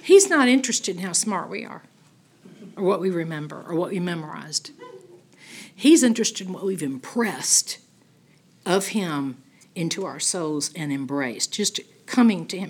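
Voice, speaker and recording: Husky older woman teaching scripture. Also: on the low side, moderate pace. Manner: folksy, animated storytelling with quoted voices. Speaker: Bible teacher. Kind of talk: Bible study teaching with storytelling.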